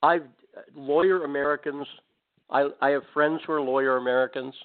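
A talk radio host with a slightly high voice and steady tone tells a story at normal speed, adding sarcastic, rambling asides. The audio is narrow-band and phone-like.

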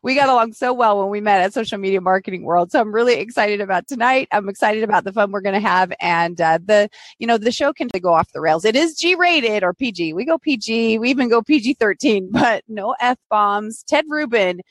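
Woman, from the US, podcast host, bubbly, teasing, lively intonation, dry recording. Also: medium pitch, brisk, few pauses, no room sound. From United States. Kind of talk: live-streamed podcast interview.

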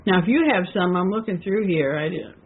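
A woman co-hosting a podcast, talking through a historical text in a casual, hesitant way with many pauses and restarts. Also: lowish voice, breathy edge, narrow, tinny audio. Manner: hesitant, with frequent fillers and restarts. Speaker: podcast co-host.

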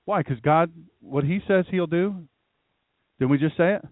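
A man preaching a sermon in a lively, conversational way, talking directly to his congregation. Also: a little high, normal speed, dry recording. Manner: animated, conversational preaching with asides to the room. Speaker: pastor. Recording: tinny phone-like sound.

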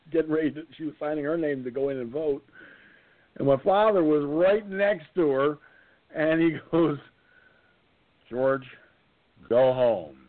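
A man in his sixties hosting a casual talk show, telling a comic anecdote and jumping into silly high voices. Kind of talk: casual storytelling chat. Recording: phone-line audio.

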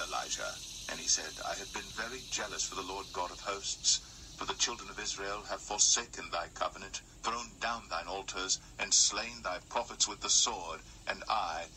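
Deep-voiced man reading scripture. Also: moderate pace, slight background noise, rough recording. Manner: steady King James reading, rising in force at dramatic lines. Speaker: Bible reader.

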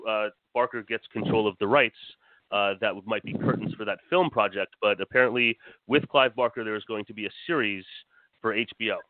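A man giving a casual horror news rundown on a podcast, pausing often with "uh". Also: fairly low pitch, no room sound. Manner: hesitant, many "uh" pauses. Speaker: podcast co-host reading news. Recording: dry phone-like line.

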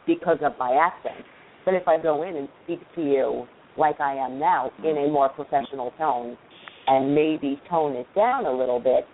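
Deep-voiced New York woman, emphatic. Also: a little hiss or hum. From Queens, New York. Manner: emphatic, insistent. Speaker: recruiting panelist. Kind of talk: casual panel discussion. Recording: tinny phone-like line.

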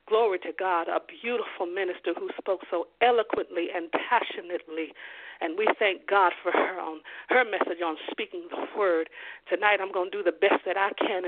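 A preacher delivering a sermon, slowly repeating key phrases for emphasis and dropping in frequent "glory to God" and "amen" interjections. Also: mid-range voice, no room sound. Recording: dry, tinny phone-like sound.

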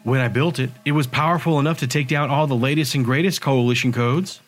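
A man's voice: medium pitch, a little fast, lightly acted. Emmeline, a man voicing a blunt young barkeep. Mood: reproachful. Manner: blunt, casual, folksy. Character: sharp-tongued young woman bartender and hacker.

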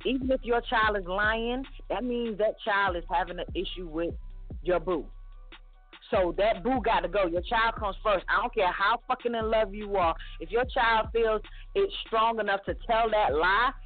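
A radio co-host, a man with a notably high voice, who speaks earnestly and with emphasis and slows right down to make a point. The audio is thin and phone-like, with faint music in the background. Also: dry recording. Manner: earnest and emphatic, slowing down to drive a point home. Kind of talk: casual morning show banter.

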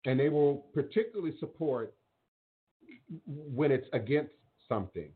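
A man's voice: on the high side, lively intonation, normal speed. A man hosting a call-in radio show, talking earnestly in a repetitive, preacherly cadence. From New Orleans, Louisiana. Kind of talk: call-in talk radio monologue. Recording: tinny phone-like line.

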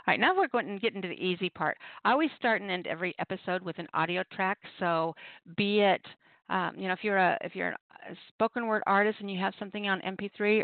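A woman's voice: mid-range voice, no room sound. A woman hosting a poetry radio show, talking casually and rambling, with frequent laughs. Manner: chatty, rambling, laughs often. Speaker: host of an open mic poetry radio show. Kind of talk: casual talk giving poetry prompts. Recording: tinny call-in phone line.

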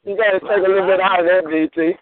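A racer boasting and cursing on a trash-talk call-in show. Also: male voice, high-pitched, steady tone, racing. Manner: boastful, profane. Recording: phone-line audio.

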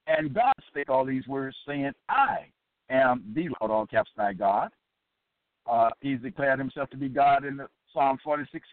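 A man's voice: mid-range voice, no room sound. Man preaching over a tinny line. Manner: emphatic and deliberate, repeating points. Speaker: Bible teacher hosting an episode. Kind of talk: preaching Bible study. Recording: tinny phone-like, dry sound.

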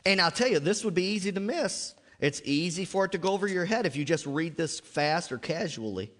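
Calling out "Amen?" again and again and asking "How many of you know," a man delivers a sermon to his congregation in a church sanctuary. He speaks briskly with a high, lively, slightly bright voice that carries a big-room sound.

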